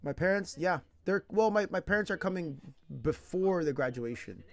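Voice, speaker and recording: A man's voice: high-pitched, normal speed. Slangy, laughing man telling stories. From California. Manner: slangy, laughing, animated retelling. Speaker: English teacher. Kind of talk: casual storytelling.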